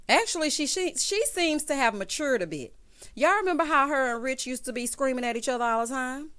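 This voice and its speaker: A woman giving a sassy, animated recap of a reality TV episode, full of slang and asides to her viewers. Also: high voice, a little fast. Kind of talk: casual recap commentary.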